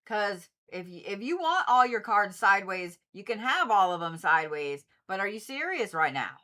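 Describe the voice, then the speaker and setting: Woman, livestream card reader, bright forceful tone, chatty and blunt with the odd curse. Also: mid-range voice, big pitch swings, normal speed. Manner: chatty, swears freely, talks straight to viewers. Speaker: Reiki practitioner and tarot reader. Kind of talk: casual livestream card reading.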